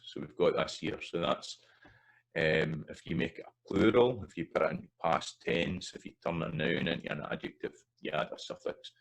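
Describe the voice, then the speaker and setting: A man's voice: rumbling low, creaky, low-quality recording. A man with a Scottish accent teaching pronunciation over slides, repeating vowel examples with loose, hesitant asides. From Scotland. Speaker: language teacher. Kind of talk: recorded slide lesson on pronunciation.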